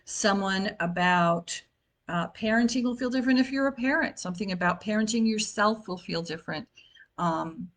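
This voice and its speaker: A woman's voice: medium pitch, moderate pace. A woman in her fifties giving an informal wellness talk, chatty, with frequent fillers and restarts. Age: 50s. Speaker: wellness coach. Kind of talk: informal talk on self-help.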